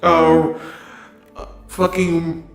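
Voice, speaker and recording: A man with a raised, gravelly voice rambles and swears freely in casual chat. His headset picks up an echoey room around him. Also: a little high, completely flat delivery, drawn-out words, faint music behind. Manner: loose, profane, rambling. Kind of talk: casual chat while setting up a roleplay.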